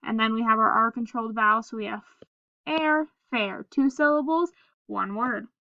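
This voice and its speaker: A woman's voice: on the high side, normal speed, creaky, no room sound, dull audio. A woman teacher giving a phonics lesson, patiently spelling words letter by letter and prompting the class to read along. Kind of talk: phonics lesson, reading aloud slowly.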